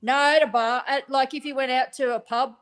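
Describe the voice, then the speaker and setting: A woman from Australia in a casual chat, relaxed and hesitant, with many fillers. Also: high voice, fairly quick, a crowd in the background, poor audio.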